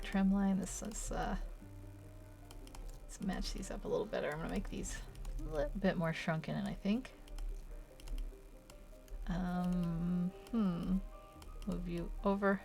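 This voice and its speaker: Giggly, tired woman with a gravelly voice. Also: fairly low pitch, slow, long pauses, dark tone, soft background music. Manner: giggly, loopy, rambling. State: tired, sleep-deprived. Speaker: art channel host. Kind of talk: casual drawing commentary.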